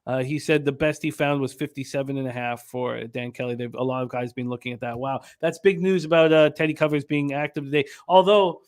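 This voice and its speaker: A man hosting a sports betting radio show, briskly reading out picks and comments from the chat. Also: medium pitch, steady tone.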